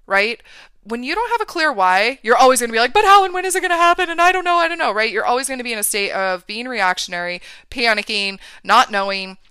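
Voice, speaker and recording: A woman's voice: medium pitch, pushed and bright, clear, resonant tone, no echo, clean studio sound. A woman coach giving an emphatic motivational talk, often checking in with "right?" and "okay". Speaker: mindset and business coach for women.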